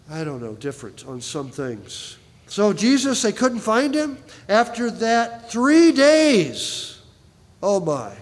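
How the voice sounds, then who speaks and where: A male pastor delivers a sermon in a loose, conversational way, often checking in with the congregation. His voice sits fairly high for a man. The recording carries the long reverb of a large church sanctuary. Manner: conversational preaching with frequent "right?" asides to the congregation.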